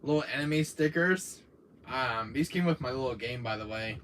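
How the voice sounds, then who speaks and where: Bright-voiced man rambling on a stream. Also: medium pitch, moderate pace, slight background noise. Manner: rambling, many fillers, frequent laughs. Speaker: gaming channel host. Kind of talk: casual streaming chat.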